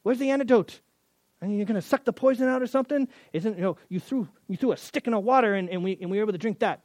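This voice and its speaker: A pitched-up, exasperated desert wanderer , as a preacher puts him on, firing off rapid, disbelieving questions. The voice is raised higher than the speaker's usual tone and sounds pleading and skeptical. It is heard in a dry, close recording. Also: male voice, darkish tone, no echo, close to an everyday voice. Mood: incredulous. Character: exasperated bitten Israelite man, skeptical and complaining.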